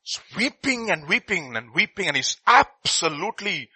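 Man, middle-aged, preacher, sermon storytelling, bright, very dry close sound. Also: high-pitched, moderate pace, breathy edge, dry recording, poor audio. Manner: animated, swings between loud and hushed.

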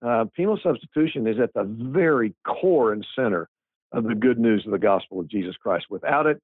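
A man's voice: fairly low pitch, a little fast, dry recording. Pastor guy talking earnest and emphatic, lots of restarts, sounds like a phone line, super dry. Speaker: pastor and author. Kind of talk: interview answers.

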